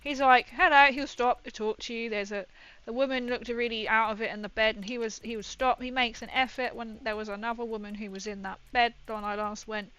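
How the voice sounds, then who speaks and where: A woman's voice: a little high, fairly even intonation, fairly quick, a bit bright, clean tone. A woman chatting casually and rambling, laughing often as she builds a model kit on a livestream. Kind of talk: casual chat while building. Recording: dull lo-fi stream audio.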